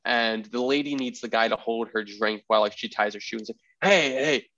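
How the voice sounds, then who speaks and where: A man's voice: lowish voice, fairly quick, no echo, muffled recording. Rambling storyteller man on a podcast. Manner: rambling, animated, acts out the people he quotes. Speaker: podcast host. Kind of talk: casual storytelling chat.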